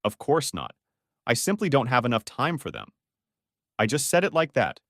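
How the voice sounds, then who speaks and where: A man voicing a calm, commanding teenage boy hero in a recap story. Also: medium pitch, moderate pace, no echo, clean studio sound. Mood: reassuring.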